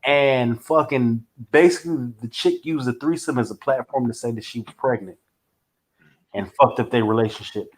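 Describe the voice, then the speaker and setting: A man's voice: medium pitch, moderate pace, husky. A man in casual conversation who tells blunt, profane stories and acts out the voices in them. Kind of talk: casual chat, storytelling.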